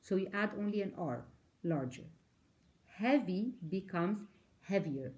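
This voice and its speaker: A woman's voice: mid-range voice, animated, measured pace, a little mellow. A woman teaching an English grammar lesson, explaining patiently step by step, asking questions and spelling words out. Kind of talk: recorded online grammar lesson.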